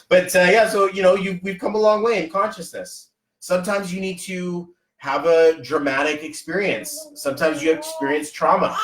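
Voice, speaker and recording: A man hosting a podcast, chatting casually and motivationally, telling rambling, animated stories full of fillers. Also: a little high, reverberant, low-quality recording. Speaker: podcast host.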